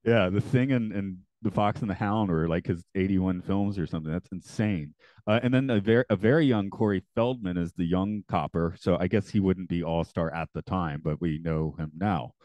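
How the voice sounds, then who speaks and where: A man co-hosting a podcast, chatting casually and halting with frequent restarts. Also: low voice, darkish tone, no room sound. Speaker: podcast co-host. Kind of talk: casual chat.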